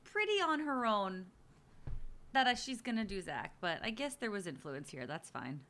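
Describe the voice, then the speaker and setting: Bright-voiced woman streamer chatting. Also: mid-range voice, normal speed, a little hiss or hum. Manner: animated, swearing, acts out houseguests' quotes. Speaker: streamer hosting a reality show watch party. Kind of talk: casual chat.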